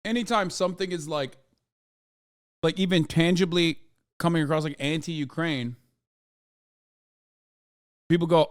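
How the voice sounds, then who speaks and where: A man's voice: a little high, unhurried, pauses often. A man, giving profane, sarcastic live-stream commentary while reacting to a video. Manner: profane, sarcastic, swings loud when mocking.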